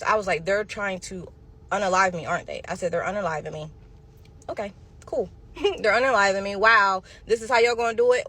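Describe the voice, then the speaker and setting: A woman telling her own story to viewers in a casual, animated storytime, calling them y'all and honey. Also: on the low side.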